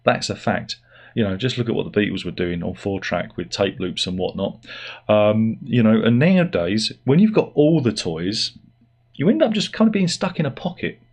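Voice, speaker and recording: A man's voice: on the low side, animated, moderate pace, darkish tone. A middle-aged man giving a rambling, sardonic and self-deprecating opinion monologue as host of his own channel. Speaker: YouTube host.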